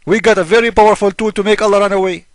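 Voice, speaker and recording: A man's voice: high voice, steady tone, racing, no room sound. A man delivering a polemical monologue as a religious critic, mocking and argumentative, firing off rhetorical questions.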